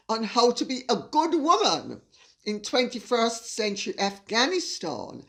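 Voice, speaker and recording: A woman's voice: fairly high pitch, very animated, unhurried, fairly bright tone. Older lady reading out fan mail, keeps cracking up, voice jumps all over. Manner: laughs often while reading aloud. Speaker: host reading viewer messages. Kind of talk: casual chat.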